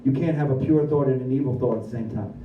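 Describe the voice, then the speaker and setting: A man voicing his male sponsor as a calm, patient advisor in a lower voice. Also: fast, lo-fi sound, slight background noise, close to an everyday voice. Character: calm, steady male sponsor giving advice. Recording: echoey room, voice from far off.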